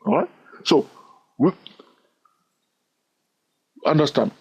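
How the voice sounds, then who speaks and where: A man's voice: on the high side, huge pitch swings, takes it slowly, vocal fry, husky. A man with a non-native accent teaching chart trading in a chatty, teasing way, often checking in with his viewers. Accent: non-native English. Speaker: trading educator. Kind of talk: screen-recorded chart lesson. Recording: dull lo-fi sound.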